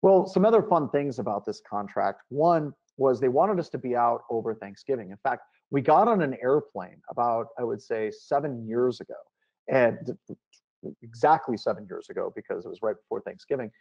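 A man giving a conference keynote, telling an animated story and jumping into high pitch for the voices he quotes. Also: moderate pace, dull audio. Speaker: keynote speaker. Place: conference stage.

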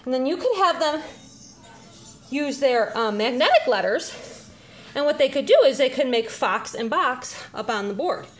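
A woman teacher casually demonstrating reading activities, slightly out of breath, pausing often with "um". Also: high-pitched, very animated. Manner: chatty, with frequent "um" pauses while handling letters.

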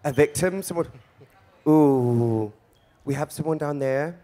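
Speaking slowly in a slightly high, warm voice, a forties-aged man hosts a live event as a drag queen. On stage before an audience, his banter is flamboyant, theatrical, and camp.

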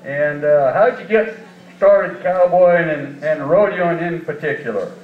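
A man's voice: fairly high pitch, a little slow. A man hosting an onstage interview, friendly and prompting with a few fillers. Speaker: emcee and interviewer. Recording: tinny, distant sound in an echoey hall.

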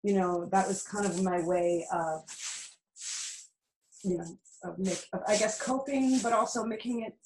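A middle-aged woman with a Canadian accent talks through her thoughts in an earnest, reflective way and often restarts her sentences. Her voice has a medium pitch for a woman. The sound carries a noticeable room echo. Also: a little slow, darkish tone, a little hiss or hum. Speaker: podcast guest. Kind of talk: casual interview conversation.

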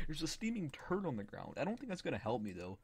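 A man giving loose, rambling let's-play commentary on a point-and-click game, often laughing and getting excited. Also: fairly high pitch, a little fast, slightly rough. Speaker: gaming YouTuber.

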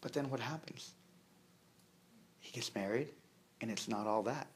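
A man's voice: mid-range voice, a little slow, slight background noise. A man preaching a sermon in a conversational way, with humor, many fillers and repeated words. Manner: conversational, with humor and acted-out quotes.

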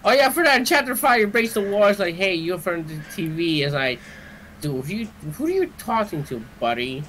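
A woman's voice: fairly low pitch, fairly quick, a little hiss or hum, low-quality recording. A woman playing along on a game stream who chats casually and teases with lots of giggles. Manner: animated, teasing, giggly. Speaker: co-player on stream. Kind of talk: casual gameplay chat.

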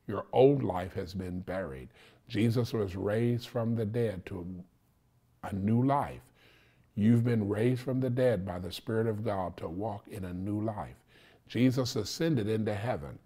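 A man's voice: fairly low pitch, dark tone, breathy edge. A man preaching a sermon, teaching in short repeated phrases and checking in with "okay?". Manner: repetitive, insistent teaching with frequent "okay?" check-ins.

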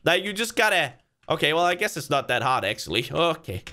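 A man giving casual let's-play commentary, excitable, talking to himself and cheering himself on, with sudden loud bursts of frustration and joy. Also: on the high side, a little fast, a little hiss or hum. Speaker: gaming video creator.

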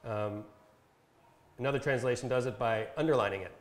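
Man teaching in an echoey room. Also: medium pitch. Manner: explains step by step with fillers, reads verses slowly. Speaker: Bible translation consultant presenting a workshop. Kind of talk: casual instructional talk with screen demo. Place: talk given at a camp session.

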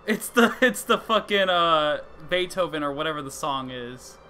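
A man's voice: fairly high pitch, animated, normal speed, bright, forceful tone, a little hiss or hum. A man giving casual, joking let's-play commentary, swearing often and restarting his sentences. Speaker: gamer playing through a game.

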